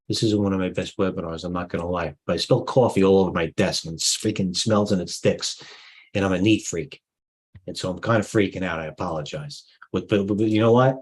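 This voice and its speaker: A middle-aged man hosts a live trading stream in a low, husky voice. He talks off the cuff, muttering asides and restarting sentences as he goes. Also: low-quality recording. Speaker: stock market live-stream host. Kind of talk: off-the-cuff market commentary.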